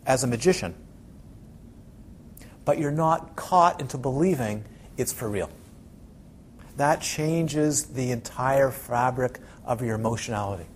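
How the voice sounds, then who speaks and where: In a dharma talk, a man teaches a Buddhist class to a room full of students, firing many questions at them and acting out little quotes with animated energy. His voice is medium in pitch, and there is slight background noise.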